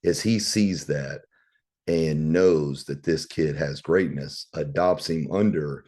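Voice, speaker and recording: Deep raspy guy leading a bible study, rambling candid stories, cusses a bit. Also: slow, a little mellow. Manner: rambling, candid, swears casually. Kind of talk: casual preaching and storytelling.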